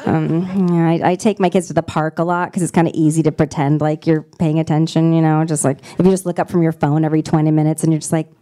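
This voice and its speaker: A woman in her forties doing a stand-up comedy set on a club stage, dropping deadpan punchlines between giggles and fillers. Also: deep voice, quick pace, hardly any pauses. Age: 40s.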